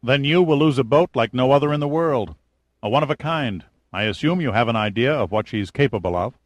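A man's voice: medium pitch, expressive, a little fast, no echo, voice pushed up, lightly acted. A man voicing a cocky, unflappable boat captain in an audiobook, teasing and confident. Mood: cavalier. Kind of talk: audiobook character voice.

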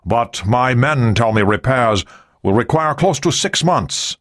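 A man's voice: mid-range voice, lively intonation, measured pace, fairly bright tone, pitched above the performer's own voice. A man doing a furious, blunt navy admiral. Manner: thundering, blunt. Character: angry male naval admiral, commanding.

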